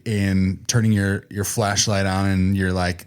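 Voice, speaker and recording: A man, a guest on a podcast, telling stories in a relaxed, chatty way and often laughing at himself. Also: sits low, unhurried, clean tone. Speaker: podcast guest, coffee roaster. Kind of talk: casual storytelling in conversation.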